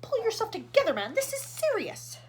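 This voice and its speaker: Give me a woman doing a panicked male mission controller, bellowing high and shrill, the voice leaping all over the place as he barks orders at the crew. He is bossy and frantic through every line of this storybook reading. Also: huge pitch swings, brisk, slight background noise, heavily acted. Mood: frantic shouting. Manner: yelling, bossy.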